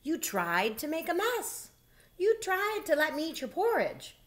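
A woman's voice: extremely high pitch, huge pitch swings, measured pace, pitched above the performer's own voice, exaggerated voice. A woman voicing a kind female bear friend in a read-aloud storybook, cheerful and reassuring. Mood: encouraging.

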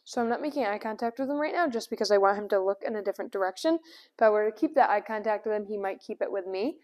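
Filmed at a distance indoors at home, a woman dog trainer with a medium-pitched voice offers a casual demonstration. Calm explanation fills the gaps between her cheerful name calls and quick praise for the dog.

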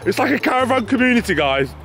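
A man's voice: very high voice, sing-song, fast, a bit bright, soft background music. A man filming a casual family vlog outdoors at a caravan park, teasing and laughing a lot. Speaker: vlogger, dad.

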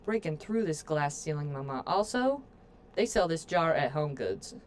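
A woman's voice: sits low, sing-song, moderate pace, slight background noise. A woman streaming a game, chatting playfully to her viewers as she plays. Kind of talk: casual gameplay commentary.

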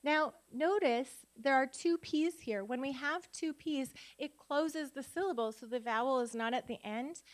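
A woman's voice: sits high, normal speed, few pauses. A woman at a conference workshop who leads the audience through spelling dictation, sounding words out syllable by syllable and asking them questions. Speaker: literacy teacher and conference speaker. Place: conference room before an audience.

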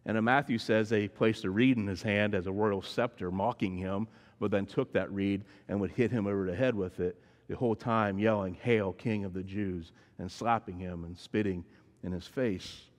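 A man preaching a sermon, telling the story dramatically and shifting between hushed and emphatic lines. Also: on the low side, fairly even intonation, moderate pace. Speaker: pastor. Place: church sanctuary. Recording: long reverb in a large church hall.

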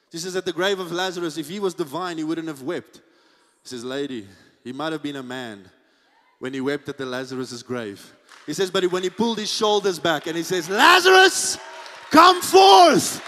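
Male pastor, high-pitched, bright preaching voice, recorded with long church reverb. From South Africa. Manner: preaches with big swings between hushed asides and shouted peaks. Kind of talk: sermon.

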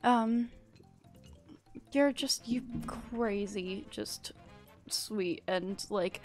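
A woman's voice: medium pitch, extremely slow, darkish tone, soft background music. A young woman live-streaming a building game, chatting casually and thanking viewers in a gushing, rambling way. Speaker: livestreamer.

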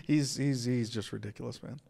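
A man's voice: medium pitch, fairly even intonation, creaky, warm tone. A man, a comedian guest chatting on a podcast, joking and acting out quotes. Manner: quick, joking, acts out quotes. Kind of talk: casual podcast chat.

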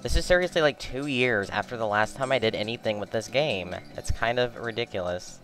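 A man's voice: medium pitch, a little fast, a bit bright, faint music behind. A young man giving rambling, joking gameplay commentary, swearing at the bosses as he plays. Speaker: let's play commentator.

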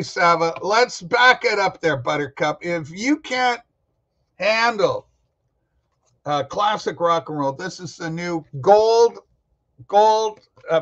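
A man hosts a casual livestream about records, rambling and joking with his chat. His voice sits a little high. The sound is dull and lo-fi. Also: fairly bright tone. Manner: rambling, jokey, talks back to chat commenters. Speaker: host of a record-collecting livestream. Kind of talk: casual live-chat talk.

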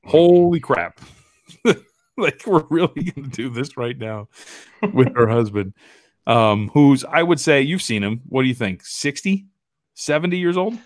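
A man's voice: mid-range voice, expressive, measured pace, dry recording, clean studio sound. A man co-hosting a casual sports podcast, joking and laughing often as he reacts to what he finds online. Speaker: podcast co-host. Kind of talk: casual chat.

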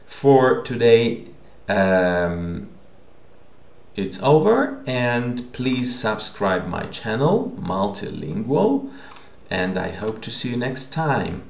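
A man teaching a lesson in a slow, patient way, repeating each word and checking in with the listener. His voice is low and gravelly, with a lively, rising and falling pitch. The recording is echoey, as if made in a bare room. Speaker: language teacher.

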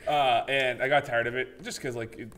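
A man co-hosting a podcast, casually chatting about games and telling animated stories, swearing freely and acting out his own reactions. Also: mid-range voice, moderate pace. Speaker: podcast co-host. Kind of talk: casual gaming chat.

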